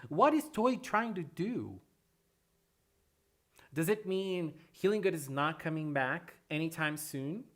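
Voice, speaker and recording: A streamer hosting a casual livestream, chatting with viewers and answering chat in an excitable way, often repeating phrases. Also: medium pitch, takes it slowly. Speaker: livestream host reading chat.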